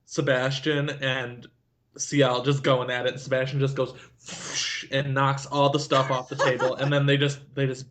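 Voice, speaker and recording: A man's voice: medium pitch, little pitch movement, normal speed, a bit bright. A man co-hosting a podcast, joking around playfully with crude humor in casual chat. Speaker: podcast co-host.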